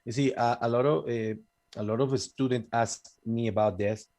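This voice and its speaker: A man's voice: medium pitch, steady tone, moderate pace, a little mellow. A man, chatting on a casual radio show. He stumbles, repeats and restarts often, reaching for words as he goes. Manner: hesitant, many restarts and fillers. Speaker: radio host.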